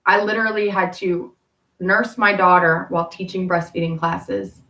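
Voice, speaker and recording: A woman's voice: lowish voice, steady tone, moderate pace, bright, forceful tone, slight background noise. Woman, tangential, profane, restarts a lot, echoing room, distant mic. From Appalachian Kentucky. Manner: tangential, profane, self-interrupting. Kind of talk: rambling storytelling. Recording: roomy, from far off.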